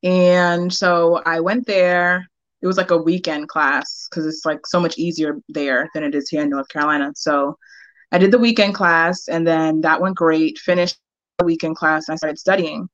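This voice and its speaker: A woman in her thirties from Boston, a real estate agent telling her story as a guest in a casual interview, candid and quick to laugh. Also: sits low, fairly even intonation, a bit bright, dry recording, dull audio. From Boston, United States.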